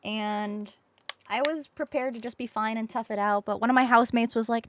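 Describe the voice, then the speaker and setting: A woman streamer telling a story in casual chat, expressive, swearing casually and acting out the people she quotes. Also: a little high, normal speed, dry recording. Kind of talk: casual storytelling while crafting.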